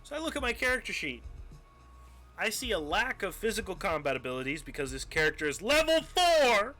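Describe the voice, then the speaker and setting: A young man streaming live, casually telling a tabletop game story, animated and profane, acting out scenes as he goes. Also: high voice, a little fast. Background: faint music.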